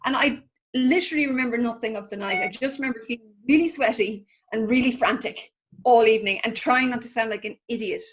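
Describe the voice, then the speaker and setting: A woman's voice: on the high side, fast talker. A woman with an Irish accent, a crime writer telling candid, self-deprecating stories in a casual panel chat over a video call.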